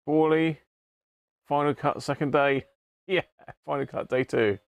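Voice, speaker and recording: A man's voice: a little high, fairly even intonation, unhurried, dry recording. A man hosting a casual livestream, chatting with viewers and greeting them by name, laughing often. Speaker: livestream host. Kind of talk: casual live chat with viewers.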